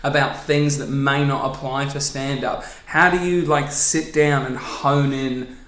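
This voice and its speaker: A man's voice: mid-range voice, steady tone, a little slow, fairly bright tone. A man hosting a podcast, asking his guest long, loose, curious questions. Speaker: podcast host. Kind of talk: casual interview questions. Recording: roomy echoey room.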